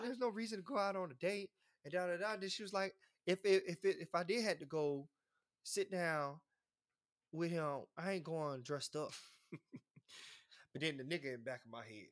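A man co-hosting a podcast tells stories in casual chat and animatedly acts out quotes in high voices. He talks at a moderate pace with long pauses.

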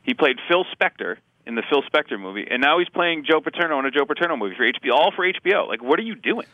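Quick-talking male co-host, eager and chatty, bright voice, dry studio sound. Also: on the high side, expressive, no echo, muffled recording. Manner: eager, chatty, many "like" fillers. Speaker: podcast co-host. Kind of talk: casual chat.

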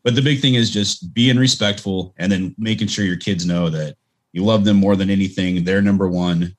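A man's voice: low voice, steady tone, normal speed. A man in casual chat, blunt and frank, dropping swear words offhand.

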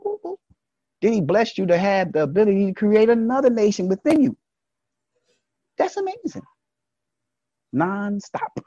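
A man delivering a casual, preachy monologue straight at his listeners, swinging between loud emphatic bursts and low asides. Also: no room sound, lo-fi sound. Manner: preachy, speaks to listeners directly.

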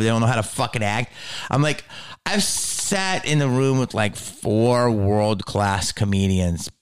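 Profane ranting man comedian. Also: clean tone. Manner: swaggering, profane, heated ranting with sudden pitch jumps.

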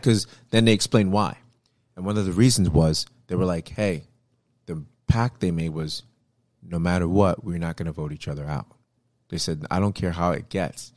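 A man in casual chat, telling a story with lively acted-out quotes and lots of repeated words. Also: low-pitched, normal speed, dry recording, studio quality. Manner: animated storytelling, acts out quotes; repeats words, frequent fillers.

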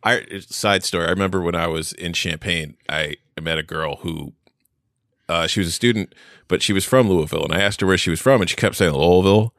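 Casting note: lower-pitched male podcast host, rambling and jokey, dry close mic. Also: fairly quick, fairly bright tone, no room sound. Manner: rambling, joking asides. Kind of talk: casual sports chat.

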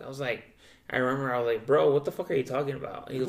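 A young man co-hosting a podcast, telling a loose, profane story and acting out the people in it with big jumps in pitch. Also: steady tone, racing, creaky. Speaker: podcast co-host. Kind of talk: casual storytelling chat.

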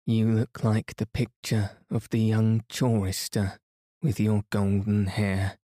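A man's voice: fairly low pitch, completely flat delivery, slow pace, mellow, dry recording, studio quality. A man voicing a polite, sensible older girl who speaks decidedly in a bedtime storybook reading.

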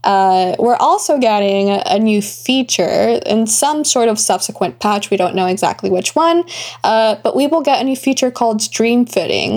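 A young adult woman co-hosting a casual gaming news podcast, chatty and quick to laugh. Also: medium pitch, creaky, darkish tone. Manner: giggly, chatty. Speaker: podcast co-host.

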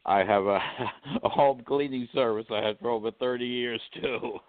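A man on a call-in show, easygoing and quick to laugh while chatting. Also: mid-range voice, dry recording. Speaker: call screener. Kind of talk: casual call-in chat. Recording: phone-like narrow band.

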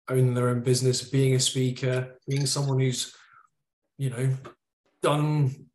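Male co-host, mid voice, halting and thoughtful, echoey room. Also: mid-range voice. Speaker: podcast co-host. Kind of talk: casual live-stream discussion.

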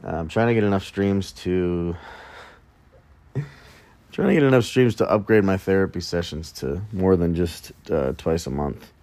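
A man's voice: sits low, normal speed, darkish tone, dry recording. A man hosting a solo podcast, rambling casually and mocking himself with jokey asides in the early morning. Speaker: podcast host.

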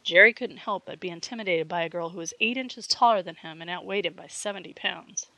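A woman reading a fiction audiobook with steady storytelling narration. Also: on the low side, fairly quick, no echo, poor audio.

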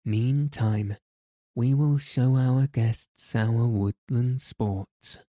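A man's voice: mid-range voice, extremely slow, warm tone, dry recording, clean studio sound. A man voicing a courteous outlaw leader in an audiobook, speaking with mock solemnity. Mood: mock-grave. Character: grave, courteous male outlaw leader, gently mocking. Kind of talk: audiobook character reading.

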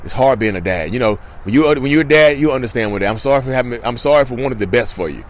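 A man's voice: medium pitch, lively intonation, fast talker, voice pushed down, natural voice. A man voicing a defensive narcissistic father who justifies himself while apologizing. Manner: self-justifying.

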